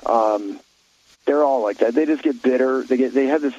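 A man's voice: medium pitch, moderate pace, dark tone, dull audio. A man talking in a blunt, opinionated way on a talk radio show, rambling with many restarts.

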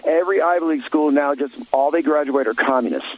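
A man's voice: on the high side, fast talker, lo-fi sound. A man talking in a blunt, opinionated way on a talk radio show, rambling with many restarts.

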